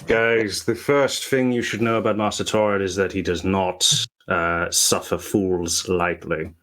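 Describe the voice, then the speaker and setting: A man playing a tabletop game, relaxed and a little hesitant. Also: low voice, measured pace. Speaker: player. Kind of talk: casual tabletop play.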